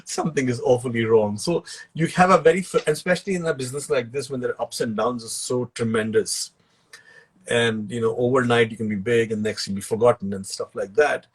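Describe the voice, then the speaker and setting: A man's voice: medium pitch, fairly quick, husky. A man with an Indian English accent, a guest actor and author on a video call, telling funny stories with laughs and bits of Hindi. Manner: laughs while telling anecdotes, mixes in Hindi phrases. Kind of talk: relaxed storytelling in an interview.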